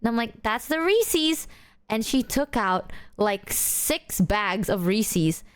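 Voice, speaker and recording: A woman streamer reacting to clips in casual stream chat, swearing freely while she tells an animated anecdote. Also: mid-range voice, takes it slowly, clear, resonant tone.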